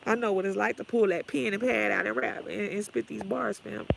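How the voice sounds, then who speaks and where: Woman vlogger with a heavily gravelly voice delivering a profane, sassy livestream rant. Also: mid-range voice, steady tone, brisk, background noise. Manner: blunt, sassy, trash-talking. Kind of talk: profane ranting livestream talk.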